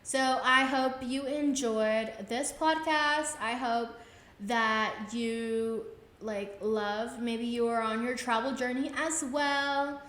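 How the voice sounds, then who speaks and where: A woman's voice: on the high side, steady tone, takes it slowly, fairly bright tone, echoey room. A woman in her twenties from Texas, hosting a podcast and telling a casual travel story, acting out her own reactions as she goes. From Texas, USA. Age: 20s. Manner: chatty, acts out her own reactions with "I was like". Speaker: podcast host.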